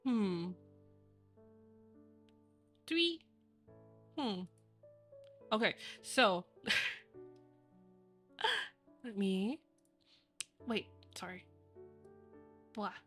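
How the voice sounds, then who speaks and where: A woman's voice: medium pitch, animated, extremely slow, long pauses, a bit bright, soft background music. A young woman streamer chatting casually with viewers, rambling with lots of fillers and giggling often. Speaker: virtual streamer. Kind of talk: casual livestream chat.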